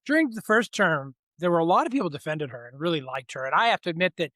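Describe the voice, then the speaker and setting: Reflective male podcast co-host, higher voice. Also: animated, quick pace, fairly bright tone, dry recording, clean studio sound. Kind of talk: casual conversational podcast chat.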